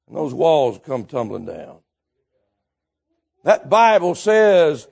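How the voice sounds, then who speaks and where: A man preaching a Baptist sermon, building fervently to shouts and dropping low again, with chuckles between points. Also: big pitch swings, takes it slowly, vocal fry, long pauses, breathy edge. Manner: fervent, rises to shouting then drops low.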